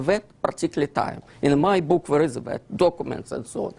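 A man giving a lecture in English, with broken grammar and a theatrical, animated delivery. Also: fairly high pitch, takes it slowly, vocal fry, pauses often, husky. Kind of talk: lecture with slides.

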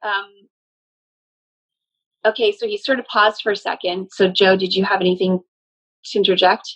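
A woman acting as a medium in a casual session, relaying messages with emphatic, animated delivery. Her voice sits at a middle pitch and comes through slightly dull, lo-fi audio. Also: normal speed. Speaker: medium channeling a spirit. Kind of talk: casual spoken channeling session.

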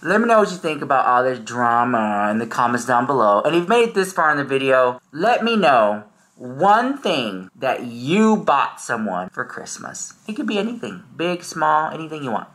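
A man's voice: mid-range voice, big pitch swings, moderate pace, fairly bright tone. A man hosting a casual reaction commentary, sassy and rambling as he talks straight to his viewers. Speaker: commentary host.

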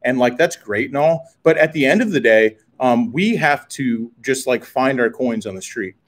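A man co-hosting a casual livestream, loud and joking, reading out viewer messages and swearing a lot. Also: mid-range voice, moderate pace. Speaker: livestream co-host.

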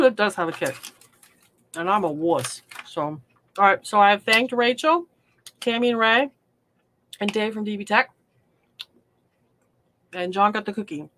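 A woman's voice: mid-range voice, a bit bright, slight background noise. A woman hosting a casual livestream from her hobby room, chatty and self-deprecating, laughing often. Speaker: livestream host. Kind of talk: casual livestream chat while crafting.

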